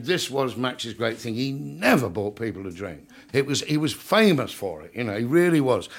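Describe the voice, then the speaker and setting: An older man telling stage stories to a live crowd. He talks in a chatty, easy way and often chuckles as he goes. He slips into other people's voices when he quotes them. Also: mid-range voice. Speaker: comedian telling showbiz stories. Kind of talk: anecdotal storytelling to an audience.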